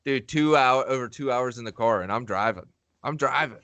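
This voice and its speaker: A man's voice: medium pitch, brisk, a bit bright, smooth, no room sound. A man co-hosting a podcast who tells a laid-back, swearing story about a late-night drive. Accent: Western Pennsylvania. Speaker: podcast co-host. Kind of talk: casual chat.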